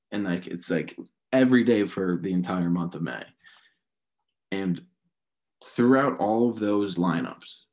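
A young man hosting a podcast, ranting casually and with frustration about his team, rambling with many restarts. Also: deep voice. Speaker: podcast host. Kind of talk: casual sports rant.

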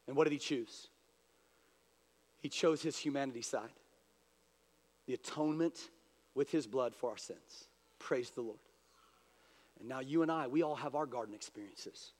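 A man preaching a sermon as pastor, swinging from hushed low asides to raised, pleading prayer voices. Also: moderate pace, pauses often, long reverb tail.

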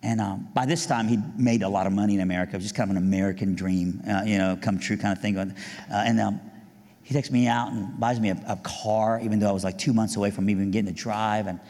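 A man from Iran telling his life story as a humorous testimony, animated and jokey, jumping high in pitch to act out punchlines and voices. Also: fast. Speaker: speaker giving a testimony. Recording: long hall reverb.

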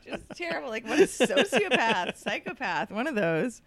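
A woman guest on a podcast, telling a story in casual chat, animated and laughing often, swearing casually. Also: a little high, normal speed.

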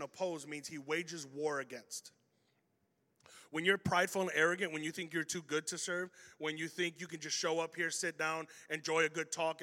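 A man's voice: on the high side, bright, forceful tone. A man preaching a sermon as pastor, telling stories animatedly and acting out the voices of the people in them. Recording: hall reverb.

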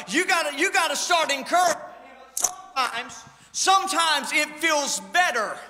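Male pastor, very high and bright voice, fiery preaching, long church-hall reverb. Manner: impassioned, swings between shouting and low asides. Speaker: lead pastor. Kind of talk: preaching a sermon.

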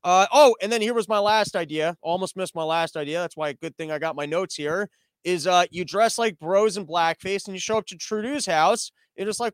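A man hosts a comedy podcast, riffing sarcastically and often restarting his sentences. His voice sits high and sounds clean and resonant. The recording is dry, with almost no room sound. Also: a little fast, clean tone, dry recording. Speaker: podcast host. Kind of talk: comedic commentary on a livestreamed podcast. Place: small room that is not soundproofed.

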